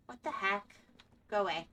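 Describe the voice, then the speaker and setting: A woman's voice: medium pitch, sharp tone. A woman live-streaming a game, chatting casually with her viewers and laughing often. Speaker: Minecraft streamer. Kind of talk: casual live-stream chat while gaming.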